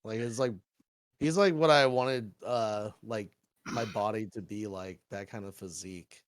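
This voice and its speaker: Excitable young man, dry close sound. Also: fairly low pitch, measured pace, no room sound. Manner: excitable, lots of "like" and "dude". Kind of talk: casual chat.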